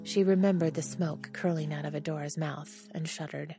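Low-voiced woman reading a story. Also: fairly even intonation, normal speed. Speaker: podfic reader. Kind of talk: reading fan fiction aloud. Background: background music.

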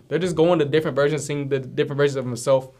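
A man's voice: a little high, fairly even intonation, very fast, a little mellow. A man co-hosting a casual podcast, animatedly retelling cartoon episodes with plenty of slang and fillers. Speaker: podcast co-host.

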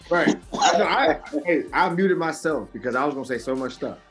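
A man hosting a wrestling podcast in casual chat, excitable, with loud bursts and repeated restarts, over faint music. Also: on the high side, brisk. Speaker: podcast host.

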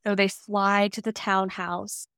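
A young woman co-hosting a casual podcast, chatty and animated as she recaps a fantasy plot with lots of "like". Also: medium pitch, takes it slowly, no room sound, studio quality. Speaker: podcast co-host explaining fantasy books. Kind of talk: casual chat.

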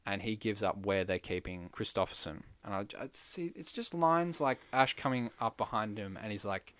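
A man co-hosting a podcast, recapping a film in casual chat, animated, acting out quotes and teasing his co-host. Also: on the low side. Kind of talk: casual movie review chat.

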